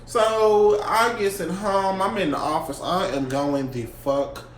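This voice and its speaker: Young man, slightly high voice, lively profane storyteller, roomy echo. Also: slow. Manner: profane, animated storytelling with slang. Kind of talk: casual storytime vlog. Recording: echoey room with faint hum.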